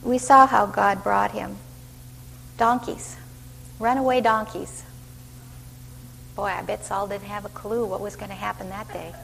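A woman teaching a Bible study, lively and putting questions to her listeners. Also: medium pitch, a little slow, creaky, pauses often. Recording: reverberant hall with faint hum.

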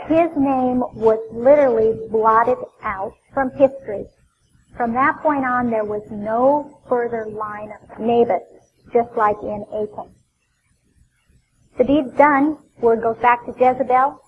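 A woman teaching an expository Bible lesson, telling the story with animated emphasis and voicing the scripture quotes. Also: on the high side, slow pace, phone-quality sound, slight background noise.

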